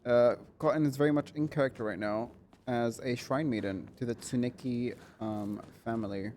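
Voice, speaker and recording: A man streaming a horror game, chatting excitedly with viewers, swearing and laughing as he plays. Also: medium pitch, normal speed, slight background noise. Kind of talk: casual gameplay commentary.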